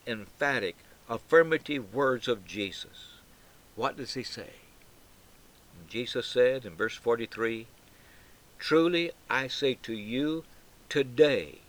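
Slow, solemn male preacher. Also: medium pitch, poor audio. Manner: slow, solemn, emphatic delivery with dramatic pauses; swells loud on key words and drops to a near whisper at phrase ends. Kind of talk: sermon.

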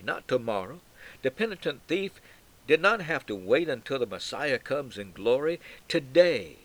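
A man's voice: medium pitch, rough recording. A man preaching a sermon with solemn, emphatic delivery, swelling on key words and falling almost to a whisper at the end of phrases. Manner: slow, solemn, emphatic delivery with dramatic pauses.

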